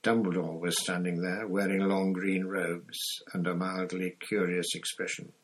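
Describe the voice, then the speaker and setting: Low, husky man narrating a story. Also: normal speed, few pauses, rough recording. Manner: steady narration with small slips and restarts. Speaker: audiobook reader.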